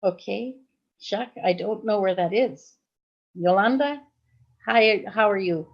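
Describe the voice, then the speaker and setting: A woman's voice: medium pitch, measured pace. A woman in her sixties from Belgium, a hypnosis trainer chatting casually on a livestream, rambling and often laughing. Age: 60s. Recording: dull lo-fi livestream audio.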